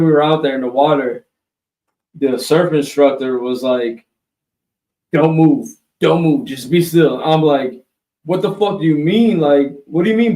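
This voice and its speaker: A man co-hosting a live webshow, telling a long profane story in a loose, animated way. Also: medium pitch, echoey room, distant mic, low-quality recording. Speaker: co-host. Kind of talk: casual storytelling chat.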